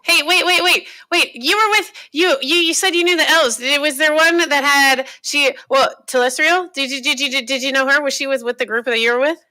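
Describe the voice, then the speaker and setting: A woman speaks eagerly and emphatically as a tabletop game player. Her voice is high and bright. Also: a little fast, few pauses. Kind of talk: casual game chat.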